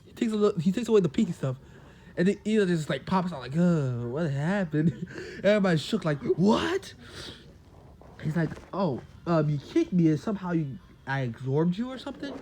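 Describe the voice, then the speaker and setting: A man's voice: on the high side, animated, mellow, slight background noise. Rambling man telling a fan story. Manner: rambling, full of "like" and quick acted quotes. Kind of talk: casual fan story narration.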